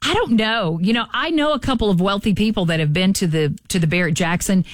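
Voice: medium pitch, expressive, a little fast, no room sound, studio quality. A radio co-host chatting easygoing on a morning show. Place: radio studio.

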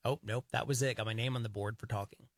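A man co-hosting a radio talk show, telling animated, rambling stories in casual chat. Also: fairly low pitch, fast, no room sound, clean studio sound. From grew up in the countryside.

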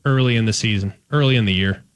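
Folksy sports radio co-host. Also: male voice, fairly low pitch, quick pace, dry recording. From Dallas-Fort Worth, Texas. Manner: emphatic, folksy, repeats phrases for emphasis. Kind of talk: casual sports talk.

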